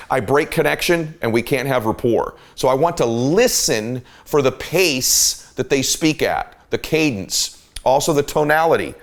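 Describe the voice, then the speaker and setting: A man's voice: mid-range voice, expressive, a little slow. A middle-aged man hosting a podcast, giving an emphatic, coaching motivational talk about listening. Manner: emphatic, coaching, shifts volume and pace to illustrate. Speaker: podcast host.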